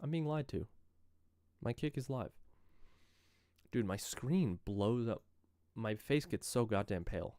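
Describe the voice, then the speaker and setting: A male live streamer reads political news aloud, then launches into profane, mocking rants. His pitch swings widely from low to high as he talks. The sound is dry and close, with no room echo. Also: lively intonation, a little slow, pauses often, mellow.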